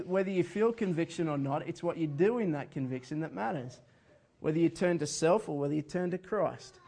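A man's voice: a little high, a little mellow. A man preaching a sermon in an earnest, conversational way, often chuckling as he speaks. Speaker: pastor.

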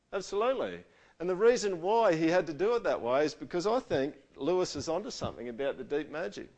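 A man preaching a conversational sermon, casual and animated, asking his audience questions. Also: mid-range voice.

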